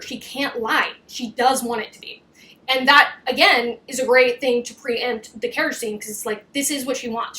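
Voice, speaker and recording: A young woman hosting a casual recap, animated and chatty, swearing and acting out scenes. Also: high-pitched, rough recording. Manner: animated, swears, acts out quotes. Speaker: YouTube recap host. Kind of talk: casual chat.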